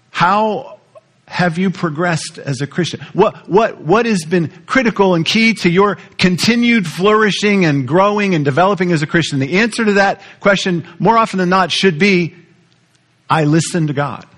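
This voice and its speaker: Male pastor, slightly high voice, animated teaching sermon delivery. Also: normal speed. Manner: animated teaching, repeats words, asks the audience questions.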